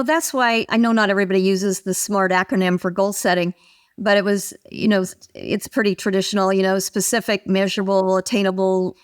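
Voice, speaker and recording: An older woman, a motivation expert, talking as a guest in an interview and telling stories with lively acted-out quotes. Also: medium pitch. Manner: animated storyteller, acts out quoted voices. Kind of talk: interview conversation.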